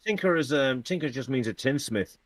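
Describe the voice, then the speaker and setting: A man's voice: medium pitch, expressive, brisk, crowd noise. A man with a Geordie accent in casual podcast chat, explaining things with frequent restarts. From Tyneside, England. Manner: explanatory, agreeable, stammering restarts.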